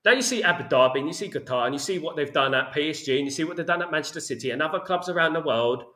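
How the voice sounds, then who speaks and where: A man's voice: a little high, rapid-fire, pushed and bright, reverberant. A man with a London accent hosting a football channel, ranting about his club in a passionate, repetitive way. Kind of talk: opinionated fan commentary.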